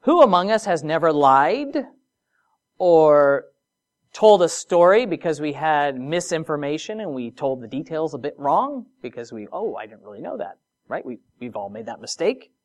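Very animated and mid-range in voice, the preacher moves from soft, elongated phrasing into emphatic rises. Conversational side remarks and rhetorical questions run through the sermon.

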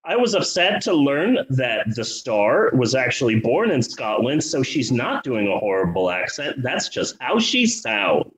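A man co-hosting a comedy movie-review podcast, talking in a profane, sarcastic, animated way. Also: mid-range voice, a little slow, few pauses, rough recording. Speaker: podcast co-host.

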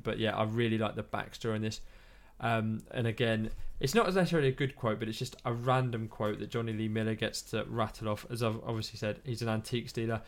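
A man chatting casually about films, rambling with many fillers and restarts. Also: fairly low pitch. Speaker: podcast co-host.

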